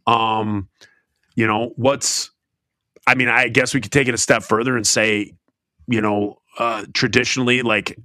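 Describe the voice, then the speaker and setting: A man's voice: mid-range voice, fairly even intonation, measured pace, sharp tone, dry recording, clean studio sound. A middle-aged man co-hosting a podcast in casual, rambling, self-deprecating chat. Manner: rambling, self-deprecating, breaks into silly put-on accents. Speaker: podcast co-host.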